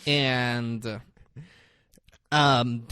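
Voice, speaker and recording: A man's voice: mid-range voice, steady tone, very slow, pushed and bright, clean tone, no echo, studio quality. A man co-hosting a comedy podcast, recapping a movie in a rambling, profane way and acting out the scenes. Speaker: podcast co-host.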